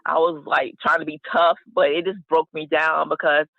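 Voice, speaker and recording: A woman guest telling an emotional personal story in an animated way, full of fillers and acted-out quotes, over a video call. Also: deep voice, normal speed, vocal fry, dry recording. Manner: animated, acts out quoted voices, many fillers. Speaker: interview guest. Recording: tinny phone-like line, dry.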